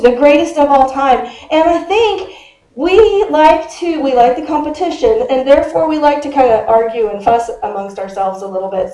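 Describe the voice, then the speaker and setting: A woman pastor in her fifties preaches in a loose, chatty way, tossing questions to her congregation. Her voice sits high but has a mellow tone. The sound rings around an echoey church sanctuary. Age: 50s. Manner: chatty, quizzes the congregation, laughs often. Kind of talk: conversational sermon.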